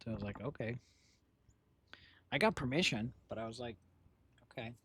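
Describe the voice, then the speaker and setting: A woman's voice: a bass voice, lively intonation, very fast, fairly bright tone, slight background noise. A woman co-hosting a stream in casual chat, rambling and laughing often. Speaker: streamer co-host.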